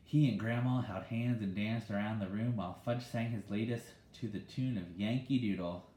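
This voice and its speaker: A man reads a children's novel aloud in a relaxed, conversational manner. His voice is lowish and mellow. The recording has a roomy echo. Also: normal speed, slight background noise. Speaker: reader. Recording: echoey room.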